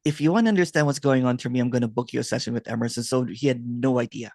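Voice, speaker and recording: A man's voice: medium pitch, racing, dry recording, clean studio sound. A man hosting a casual chat on a video call, telling stories with lots of laughter. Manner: laughs a lot, animated storytelling. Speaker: host, non-duality guide.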